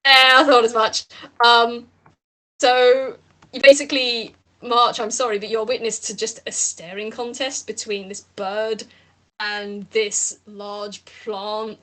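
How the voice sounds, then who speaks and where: A woman's voice: fairly high pitch, sharp tone. A woman running a tabletop game as game master, narrating in a rambling way with many fillers.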